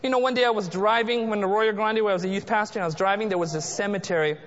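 A man preaching a sermon as pastor, dramatic, dropping to a hush for emphasis. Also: high voice, steady tone, rapid-fire. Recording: muffled sound in a large reverberant hall.

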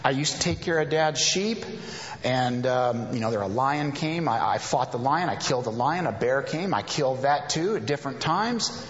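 A man gives a relaxed, talky sermon, slipping into the voices of the people in the stories he retells. The sound is dull and lo-fi. His voice rings around a large, echoing hall. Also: mid-range voice, normal speed. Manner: conversational, acting out biblical characters' lines. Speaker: preacher.

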